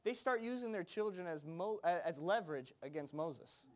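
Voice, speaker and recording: Man, high voice, casual sermon, acts out characters, repeats phrases. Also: animated, moderate pace. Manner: repeats words and phrases, frequent fillers. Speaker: preacher.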